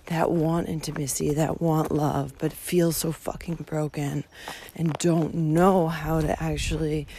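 A woman's voice: sits low, flat delivery, measured pace, mellow, a little hiss or hum. A woman talking through a personal monologue outdoors, candid and emotional, with frequent swearing and fillers. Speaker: podcast host hiking a long-distance trail.

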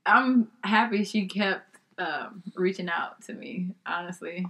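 Animated woman telling a story. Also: on the low side, takes it slowly. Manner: lively, laughs often, acts out quoted dialogue. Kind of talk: casual storytelling conversation.

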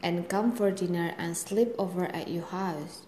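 A woman's voice: on the low side, steady tone, measured pace, warm tone, a little hiss or hum, lightly acted. A woman voicing a small, lonely talking frog that pleads and makes demands, in a raised voice. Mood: pleading. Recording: echoey room with faint ambience.

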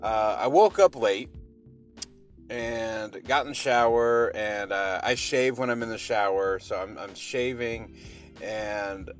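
A man's voice: on the low side, slow. A man hosting his morning podcast, talking casually in an upbeat, rambling, motivational way over faint music. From Pacific Northwest. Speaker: podcast host.

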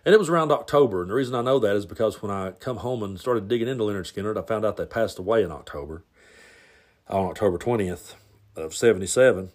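A man hosting his own podcast, telling a story from his youth in a relaxed, rambling way with plenty of fillers, recorded at home. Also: on the low side, quick pace. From Tennessee. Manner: rambling, laid-back, lots of fillers. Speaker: podcast host. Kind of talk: casual storytelling monologue. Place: home, near the garage.

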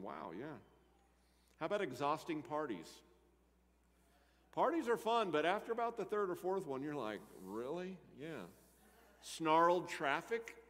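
Animated preaching man, hall echo. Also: fairly high pitch. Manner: animated, swings between loud emphatic lines and quiet asides. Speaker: pastor. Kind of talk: sermon. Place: church sanctuary. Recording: church hall reverb.

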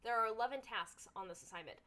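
A young woman hosting a scripted commentary show, talking in an animated, sarcastic way. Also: on the high side, fast. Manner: animated, sarcastic, puts on silly voices for jokes. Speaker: host.

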